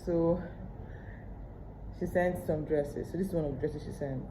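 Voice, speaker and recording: A woman's voice: low voice, steady tone, moderate pace, warm tone, slight background noise. A pregnant woman with a Nigerian English accent, chatting candidly to her camera at home in a casual vlog. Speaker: vlogger. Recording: roomy echo.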